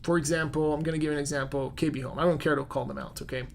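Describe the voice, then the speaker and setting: A man's voice: fairly high pitch, steady tone, rapid-fire, gravelly, a little hiss or hum. A man with a non-native English accent, a real estate agent hosting a casual live-stream Q&A, chatty and full of fillers as he answers viewer comments.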